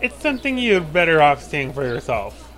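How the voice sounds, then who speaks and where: A man running a tabletop fantasy game as dungeon master, narrating scenes in a loose, rambling style full of fillers. His voice is bright and a little high. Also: sing-song, normal speed.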